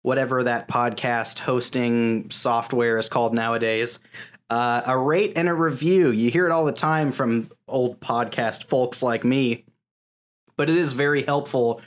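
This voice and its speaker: A man's voice: medium pitch, a little slow. A man hosting a casual podcast, chatting loosely with friends and laughing often, then reading out the show's sign-off. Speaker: podcast host.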